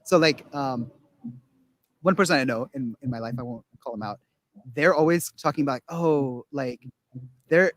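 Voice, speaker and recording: A man's voice: mid-range voice, normal speed, pauses often, no echo. A man talking casually on a podcast, rambling with many restarts and acting out quotes of other people. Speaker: guest.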